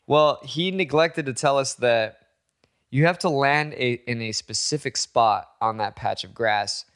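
A young adult man telling a story in casual chat as a podcast co-host, animated, laughing often and acting out quotes with lots of swearing. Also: mid-range voice, unhurried.

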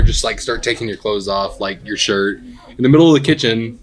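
A man's voice: mid-range voice, expressive, moderate pace, a crowd in the background. A man co-hosting a casual podcast chat who teases his friends with dry quips. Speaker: podcast co-host.

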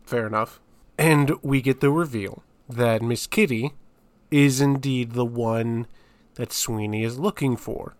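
A man co-hosting a podcast, discussing a movie in casual chat with deadpan, dry jokes. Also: medium pitch, unhurried, no room sound. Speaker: podcast co-host.

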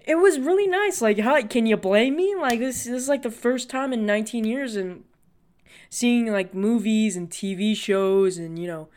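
Speaking at normal speed in a high, slightly mellow voice with a clear, resonant tone, a young adult man talks casually on his solo podcast. His monologue wanders freely and is heavy with "like" and "you know."

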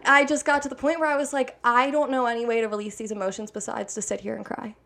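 A woman's voice: a little high, level tone, vocal fry, fairly bright tone. Young woman talking candidly. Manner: open, heartfelt, quick rush of words. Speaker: hair stylist. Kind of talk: candid conversation.

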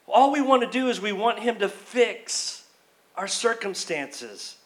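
A pastor with a notably high voice delivers a sermon. He talks in a loose, conversational way, often acting out quoted pleas. He sounds like he is speaking in a church. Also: lively intonation, a little slow, a bit bright.

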